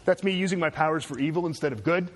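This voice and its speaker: A man's voice: a little high, quick pace, slight background noise. A man giving a casual classroom lecture, often checking in with his students with "right?". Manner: chatty, asks students "right?".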